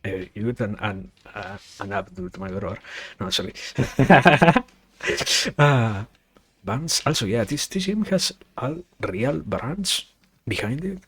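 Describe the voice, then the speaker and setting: A man's voice: lowish voice, lively intonation, measured pace, slightly rough. A man streaming a racing game, chatting casually with viewers, rambling and correcting himself, swearing now and then. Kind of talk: casual gaming stream chat.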